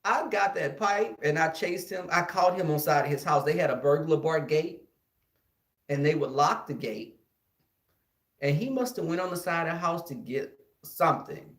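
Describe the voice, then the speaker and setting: A man from Houston with a Texan accent, telling a childhood story in an animated, casual way to his listeners. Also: a little high, moderate pace. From Houston, Texas. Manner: animated, addresses listeners as y'all, acts out the scenes. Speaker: podcast host. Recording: echoey room.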